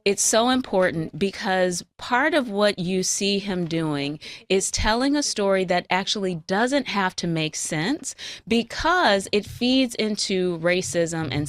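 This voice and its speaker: Measured analytical woman commentator. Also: mid-range voice, lively intonation, no room sound. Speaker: radio show guest commentator. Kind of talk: analytical talk radio commentary.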